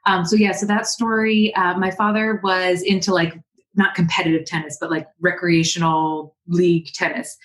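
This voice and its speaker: A woman from California, a guest coach on an interview podcast, telling a personal story in a lively, animated way. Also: on the low side, normal speed, reverberant. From Berkeley, California.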